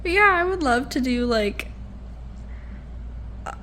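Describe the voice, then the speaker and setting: A young woman vlogging in a casual, rambling way, sounding low and tired, trailing off into fillers. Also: animated, slow, sharp tone, a little hiss or hum. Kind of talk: casual vlog chat.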